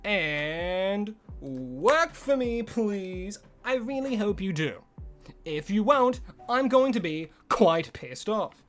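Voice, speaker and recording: A man's voice: high-pitched, sing-song, slow, a bit bright, faint music behind. A man live-streaming a game, chatting casually with viewers, greeting them by name and rambling about his setup. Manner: chatty, greets chat by name, loose asides. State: recovering from a headache.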